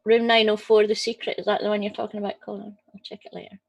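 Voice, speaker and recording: A woman's voice: medium pitch, little pitch movement, fast talker, creaky. A woman with a Welsh accent co-hosting a casual livestream chat in a playful, teasing way. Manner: playful, teasing, laughs often. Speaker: co-host.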